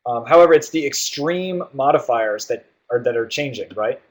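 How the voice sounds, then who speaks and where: Male tutor, mid-pitched, explains test prep casually with lots of "um" and "right?". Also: expressive, moderate pace. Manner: explanatory, with frequent fillers and "right?" check-ins. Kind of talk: guided test-prep walkthrough.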